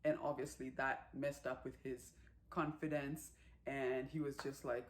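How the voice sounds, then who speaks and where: A woman giving a casual movie recap, chatty and animated, with lots of fillers and acted-out quotes. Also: sits low, normal speed. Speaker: movie reviewer.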